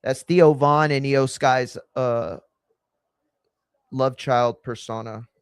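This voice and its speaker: A man's voice: mid-range voice, fairly even intonation, takes it slowly, smooth, no echo, clean studio sound. A young man casually reacting to wrestling in a slangy, profane, blunt way.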